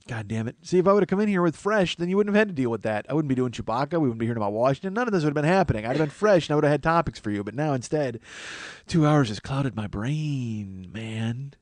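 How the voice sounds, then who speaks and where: A man's voice: fairly high pitch, lively intonation, racing, few pauses, a little mellow, dry recording. A man hosting a comedy podcast alone, rambling in a self-mocking way, losing his train of thought and sounding tired from lack of sleep. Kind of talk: rambling solo comedy monologue.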